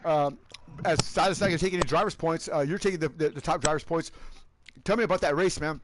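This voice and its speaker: Whooping high-pitched race commentator. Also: male voice, fast, slight background noise. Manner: excitable, whooping, repeats "man" and "baby". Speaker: race commentator and league host. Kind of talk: live sim-racing commentary and post-race interviews.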